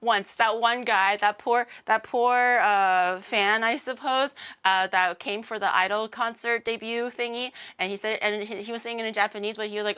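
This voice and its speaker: A woman's voice: on the high side, normal speed, few pauses, bright, forceful tone, clear, resonant tone. A woman VTuber chatting casually on stream, rambling and joking, with a blunt, sarcastic, self-mocking manner.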